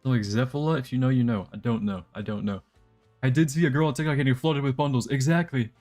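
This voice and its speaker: Playing a game on a live stream, a young man chats loosely with viewers, joking and wandering from topic to topic. He's a fast talker with a medium-pitched, slightly mellow voice, and faint background music can be heard.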